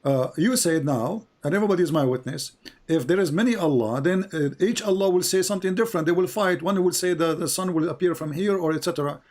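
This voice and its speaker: A man's voice: a little high, fast, a little mellow. Insistent man host with a fraying voice. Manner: pressing, repeats questions, interrupts. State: losing his voice. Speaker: debate host. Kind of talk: live-stream religious debate.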